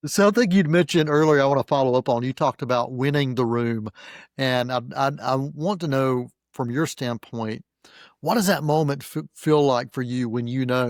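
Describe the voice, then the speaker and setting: A man hosting an interview, asking measured, thoughtful questions. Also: medium pitch, dry recording, studio quality. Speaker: podcast host. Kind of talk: interview conversation.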